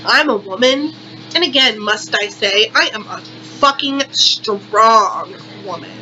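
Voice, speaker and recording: A woman's voice: on the high side, takes it slowly, sharp tone, muffled recording, faint music behind. A young woman vlogger performing a satirical monologue in exaggerated, repetitive, melodramatic outrage.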